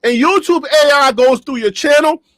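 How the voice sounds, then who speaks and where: A man's voice: very high voice, normal speed, fairly bright tone, dry recording, clean studio sound. A man vlogging for his sports channel, talking casually and animatedly to his viewers, joking, laughing often and repeating himself as he vents. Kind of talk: casual talk to camera. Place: his own studio.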